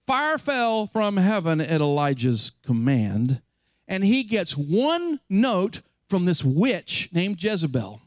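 Man, pastor, sermon, high voice, dry close sound, dramatic storytelling. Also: no echo.

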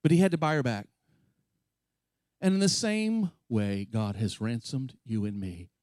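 Delivering his sermon a little slowly, the pastor sounds a little mellow yet impassioned, climbing to high emphatic peaks on scripture quotes. His intonation is lively, he makes chatty asides to the congregation, and there's no room sound.

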